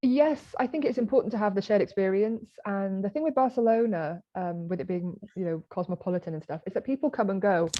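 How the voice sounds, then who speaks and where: British woman, 30s, animated storyteller guest, dry lo-fi recording. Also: mid-range voice, fairly quick, few pauses, no room sound. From Britain. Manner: animated storytelling, acting out quoted exchanges. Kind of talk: conversational interview.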